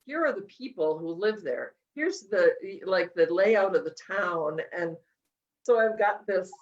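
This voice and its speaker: An author being interviewed speaks at medium pitch, animated but unhurried. She talks casually and emotionally, laughing often and restarting her sentences. The audio is slightly dull and lo-fi.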